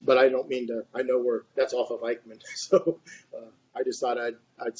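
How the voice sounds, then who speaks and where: Rambling man with a flat voice. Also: medium pitch, normal speed. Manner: rambling, many fillers and restarts. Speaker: discussion participant. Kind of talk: casual discussion remarks. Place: online reading group. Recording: muffled, faint background noise.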